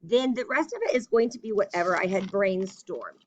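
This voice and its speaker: A young woman teacher going through a writing lesson, dictating slowly and chatting in between. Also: mid-range voice, highs cut off, slight background noise. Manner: slow and deliberate when dictating, chatty in between. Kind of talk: recorded classroom writing lesson.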